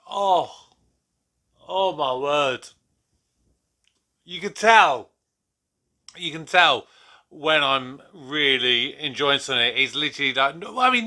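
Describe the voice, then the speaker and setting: A man's voice: a little high, bright, forceful tone. A man hosting a reaction video who comments casually and breaks into amazed exclamations.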